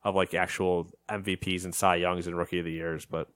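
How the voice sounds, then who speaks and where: A man with a low voice co-hosts a relaxed podcast chat and tells a story with plenty of animation, slipping into the voices of the people he quotes. The sound is dry and close, with no room echo. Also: fairly quick, clean tone. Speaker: podcast co-host. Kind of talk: casual chat.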